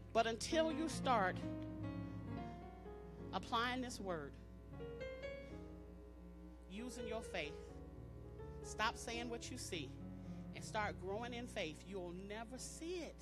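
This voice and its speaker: Loud music sits behind a woman whose expressive voice runs on the high side as she preaches slowly, pausing often. Her sermon at the church service repeats phrases emphatically and invites the congregation to call back.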